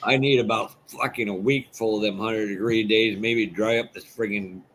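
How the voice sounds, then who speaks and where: Bright-voiced man telling blunt stories. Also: fairly low pitch, steady tone, normal speed, a little hiss or hum, rough recording. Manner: laughs often, storytelling, blunt. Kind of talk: casual chat, swearing freely.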